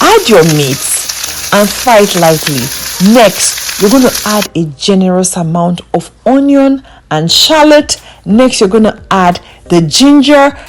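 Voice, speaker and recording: A woman's voice: medium pitch, a little hiss or hum. A young woman vlogger walking through a recipe in her home kitchen, emphatic and playful, repeating the key steps for emphasis. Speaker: cooking vlogger. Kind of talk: recipe walkthrough.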